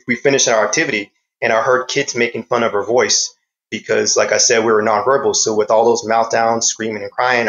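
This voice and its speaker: Calm, earnest man telling a story. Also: mid-range voice, rough recording. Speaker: fitness trainer and parent guest. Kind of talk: podcast interview storytelling.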